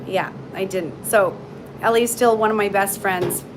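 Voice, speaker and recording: Middle-aged Canadian woman, rambling heartfelt livestream host, mid-pitched voice. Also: a little slow, noisy background. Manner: chatty and heartfelt, many ums and restarts. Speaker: intuitive reader and shop owner. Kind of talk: casual livestream chat. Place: aboard a cruise ship. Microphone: phone livestream.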